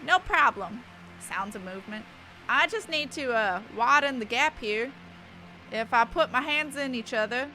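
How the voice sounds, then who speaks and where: A perky young woman persona, which a female streamer puts on for a live stream, reading aloud with a sharp, bright tone sitting a little high. She giggles her way through the text and keeps stopping to chat. Soft music plays faintly under her. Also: lively intonation, measured pace. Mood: playful. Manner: giggly, often breaks off to laugh and chat.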